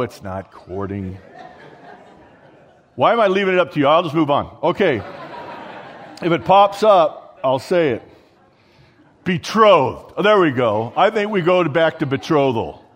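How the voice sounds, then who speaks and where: Male pastor, unhurried sermon delivery, casual asides to the congregation, long hall echo. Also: medium pitch. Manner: conversational, joking asides, restarts mid-thought.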